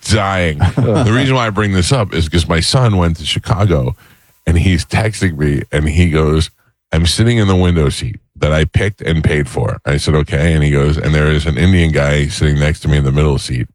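A middle-aged man hosting a radio show, telling a funny story in a lively chat and laughing as he goes. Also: rumbling low, normal speed, no echo.

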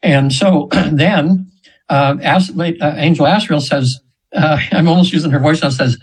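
Husky older man telling a long story. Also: steady tone, normal speed, rough recording. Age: 70s. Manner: rambling, chatty, laughs as he tells it; puts on high voices for the people he quotes. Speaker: hypnosis practitioner guest. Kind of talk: storytelling in an interview.

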